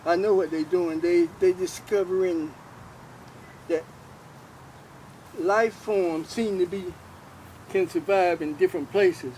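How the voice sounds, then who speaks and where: A man's voice: high voice, fairly even intonation, slow pace, pauses often, darkish tone, slight background noise, rough recording. An older man giving an earnest, informal testimony about faith, repeating himself as he preaches.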